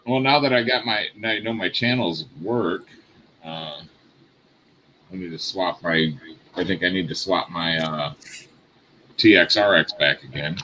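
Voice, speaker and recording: Low-voiced man, bright tone. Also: unhurried, pauses often, a little hiss or hum, poor audio. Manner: hesitant, troubleshooting aloud. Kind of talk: casual chat.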